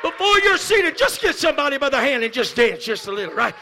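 A man preaching a Pentecostal sermon, moving from shouted calls to hushed storytelling, repeating phrases and speaking in tongues. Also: sing-song, fast talker, a faint crowd, a little hiss or hum. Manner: swings from shouted exhortation to low hushed storytelling. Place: church service.

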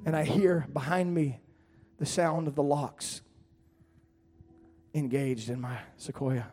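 A middle-aged man, preaching a sermon as a lively storyteller, jumping to loud peaks and laughing between lines. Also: on the high side, slow. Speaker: pastor.

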